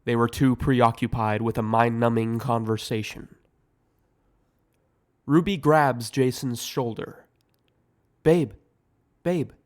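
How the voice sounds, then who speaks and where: A man reading aloud the scene directions of his own audio screenplay in a measured way. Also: mid-range voice, fairly even intonation. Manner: slow, measured. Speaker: writer and director narrating.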